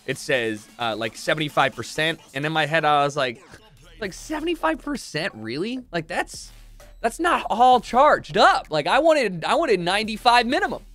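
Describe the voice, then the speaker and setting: A man streamer telling a long story casually, swearing often and acting out what people said with big jumps in pitch. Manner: animated, profane, acts out quotes with big pitch jumps.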